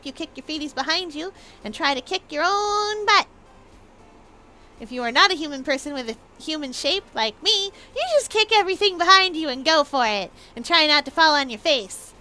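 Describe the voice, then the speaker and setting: Bubbly high-voiced woman streamer. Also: moderate pace. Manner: bubbly, playful, animated. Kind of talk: casual live stream chat.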